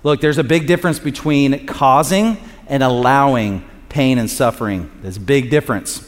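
A man's voice: mid-range voice, moderate pace. A man preaching in a loose, conversational way, cracking jokes and acting out quotes between points. His voice rings out with a long reverb from a large hall. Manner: conversational and joking, acts out quotes. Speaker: pastor. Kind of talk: sermon.

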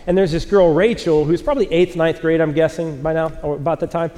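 A man's voice: a little high, steady tone, fairly quick, warm tone, long reverb tail. A man in his forties, a pastor preaching a sermon to a live church audience, telling a self-mocking story in a casual way and acting out the quotes.

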